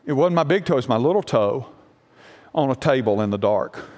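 A man preaching a sermon as pastor, telling a personal story with lively energy and often asking the congregation questions. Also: medium pitch, moderate pace, long reverb tail. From United States.

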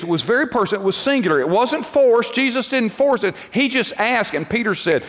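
A man's voice: very high-pitched, animated, fairly quick, hardly any pauses, a bit bright. A male pastor preaching a sermon, emphatic and repetitive, often restarting his sentences. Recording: long hall reverb.

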